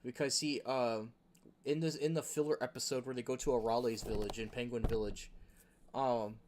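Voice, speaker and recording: A man's voice: mid-range voice, fairly even intonation, moderate pace, a little mellow, slight background noise. A man hosting a gaming video, talking in a rambling, casual rant full of filler words. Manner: rambling, chuckling, heavy use of filler words.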